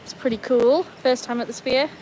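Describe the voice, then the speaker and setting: A woman from Wales chatting casually with livestream viewers outdoors by a pool, breaking off to scold and cheer her dogs in a high sing-song voice. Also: steady tone, brisk, dark tone, slight background noise. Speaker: livestream host.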